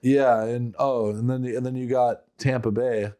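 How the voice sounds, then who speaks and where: A young man co-hosting a podcast, talking sports in a loose, animated way and acting out players' outbursts. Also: medium pitch, measured pace. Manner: animated, mimics players with loud quoted outbursts. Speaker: podcast co-host. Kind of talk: casual sports chat.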